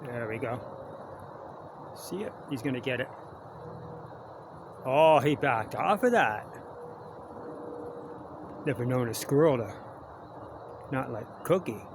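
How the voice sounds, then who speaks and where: A man's voice: mid-range voice, expressive, takes it slowly, pauses often. Chatty man vlogging outdoors. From Canada. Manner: chatty, jokey, coaxing animals. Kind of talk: rambling outdoor vlog. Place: woods outdoors. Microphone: handheld camera at arm's length. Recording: outdoor noise, wildlife around. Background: outdoor ambience, animals.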